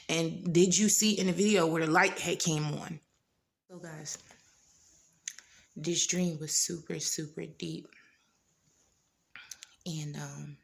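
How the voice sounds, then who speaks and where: A woman vlogger giving a personal testimony, talking earnestly, repeating phrases for emphasis and sometimes dropping to a hushed whisper. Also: fairly low pitch, creaky. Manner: drops into hushed whispers at times.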